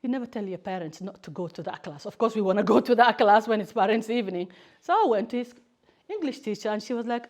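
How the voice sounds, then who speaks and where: A woman whose first language is Somali, giving a lively personal talk to students as a campaigner, telling stories animatedly. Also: medium pitch, fast talker. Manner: animated storytelling, acts out family members' voices.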